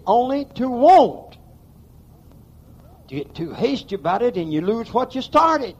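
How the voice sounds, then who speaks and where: A man's voice: a little high, husky, lo-fi sound. A man preaching a sermon in a church, emphatic and folksy, with plain rural grammar. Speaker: pastor.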